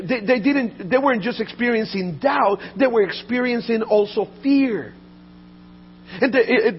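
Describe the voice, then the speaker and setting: A high-pitched man preaching with earnest intensity, stumbling over restarts and repeated words, sinking quiet and low when he speaks of pain. The audio is dull and lo-fi. A faint mains hum sits underneath. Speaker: pastor. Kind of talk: sermon.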